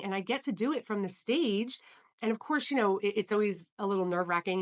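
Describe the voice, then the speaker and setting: A woman with a mid-range, fairly bright voice hosts a solo podcast. She tells her story earnestly and enthusiastically, often using fillers like "um" and "you know."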